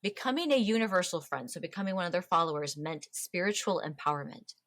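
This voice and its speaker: Podcast host, woman, low register, chatty and animated storyteller, dry close mic. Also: fast, no room sound. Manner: chatty, animated storytelling with playful voiced quotes. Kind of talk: casual history podcast chat.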